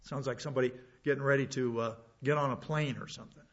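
A man's voice: mid-range voice, fairly even intonation, fast. A man preaching a sermon, reading scripture and explaining it verse by verse with plain asides. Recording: dull lo-fi sound.

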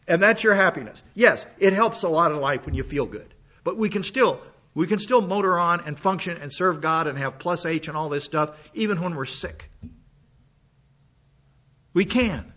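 A man delivers a sermon in a high, bright voice. His manner is folksy and conversational, with plenty of asides, and he is sick with a cough. The recording sounds dull and lo-fi. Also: expressive, a little slow. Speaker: pastor.

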